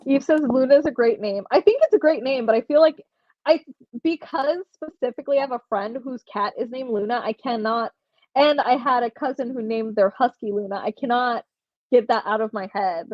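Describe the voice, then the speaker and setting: High-pitched young woman chatting on a stream, giggly, reads chat comments, dry dull mic sound. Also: moderate pace, no room sound. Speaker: livestream host running a giveaway. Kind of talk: casual livestream chat.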